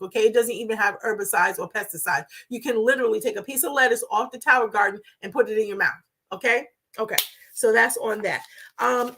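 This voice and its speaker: Older new york lady chatting quick on a livestream, bright kinda high voice. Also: breathy edge. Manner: fast, chatty, enthusiastic. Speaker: host. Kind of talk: live-stream talk.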